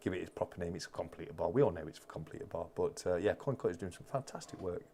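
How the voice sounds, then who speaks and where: Chatty low-voiced man. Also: rapid-fire, warm tone, slight background noise. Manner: chatty, rambling with many restarts. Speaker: host of a live stream chat. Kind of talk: casual live-stream chat reading viewer comments.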